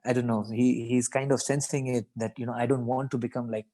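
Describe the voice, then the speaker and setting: A man's voice: mid-range voice, level tone, a little fast, warm tone, rough recording. A man giving a reflective devotional talk at a scripture reading, thoughtful and rambling, with many "you know" asides. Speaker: guest speaker at a scripture reading.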